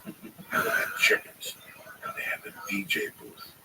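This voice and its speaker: A middle-aged man telling long, profane, rambling stories to friends in a casual livestream. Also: unhurried. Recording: distant mic with loud background noise.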